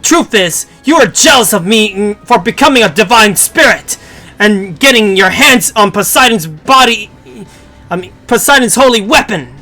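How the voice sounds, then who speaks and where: A streamer reading a game script aloud on stream, voicing a cocky, crude female warrior spirit who talks in a slow, mocking drawl. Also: medium pitch, expressive, sharp tone, soft background music.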